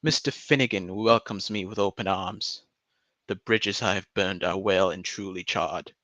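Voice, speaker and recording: A man's voice: low voice, normal speed, fairly bright tone, no echo, pitched below the performer's own voice. A mock-solemn English poet declaiming verse with grand, theatrical weight, as a man puts the accent on. The sound is dry and a little muffled, with no room around it. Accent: put-on English.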